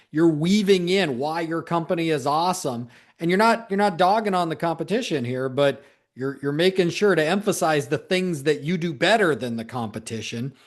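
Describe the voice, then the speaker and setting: A man coaching salespeople in a solo talk, emphatic and repeating key points for stress, with the odd joking aside. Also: on the high side.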